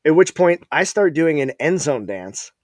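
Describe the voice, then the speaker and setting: A man's voice: a little high, sing-song, moderate pace, dry recording, studio quality. A man hosting a podcast, telling a rambling, profane story in casual chat. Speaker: podcast host.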